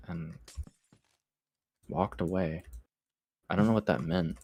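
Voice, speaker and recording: A man's voice: sits low, a little slow, darkish tone, no echo. A man on a gaming stream, teasing a friend and rambling through a story with many restarts. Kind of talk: casual gaming chat.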